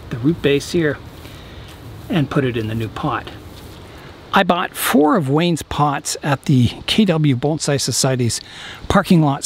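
A man casually explaining his bonsai work as he goes, relaxed and thinking aloud with a few fillers. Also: mid-range voice, a little hiss or hum. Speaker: bonsai hobbyist vlogger. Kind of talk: casual how-to narration.

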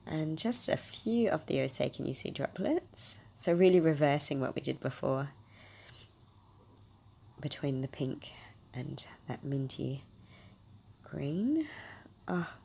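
A low-pitched woman talks through a crafting tutorial. Her voice is raspy and gravelly from a cold. She chats warmly and gushes over each colour she uses. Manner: chatty, gushing over colours. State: hoarse from a cold. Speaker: craft video host.

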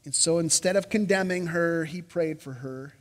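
A man preaching a sermon as pastor, reading scripture with animated emphasis and dropping casual asides. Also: on the high side, normal speed, in a large hall.

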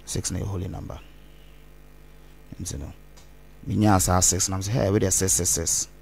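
A man's voice: low voice, steady tone, moderate pace, vocal fry, darkish tone, breathy edge. A man, rambling as an interview guest and mixing Twi phrases into his English. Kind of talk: candid interview talk.

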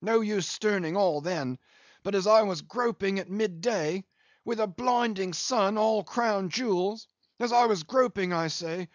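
Dude reading as jolly whaling captain rambling through a sea story, dry dull-ish audio. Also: male voice, high voice, measured pace, dry recording, voice pushed up. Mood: storytelling. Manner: chatty yarn-spinning. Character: hearty good-humoured whaling captain, talkative.

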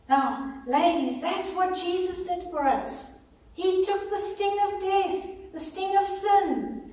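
Woman Bible study leader, high voice, earnest and expressive, very echoey hall, distant mic. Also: slow pace. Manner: earnest, expressive storytelling with emphatic reading. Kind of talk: teaching a ladies' Bible study. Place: large church hall.

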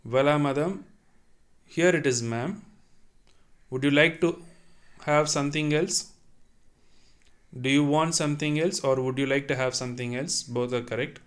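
A man teaching a French lesson, reading sentences and then translating and repeating them patiently. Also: on the high side. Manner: slow and deliberate, repeats and explains each line. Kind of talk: online language lesson.

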